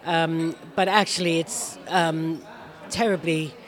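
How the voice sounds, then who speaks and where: A woman's voice: deep voice, steady tone, slow pace. A woman, an author guest, answering interview questions in a wry, self-deprecating way with small chuckles.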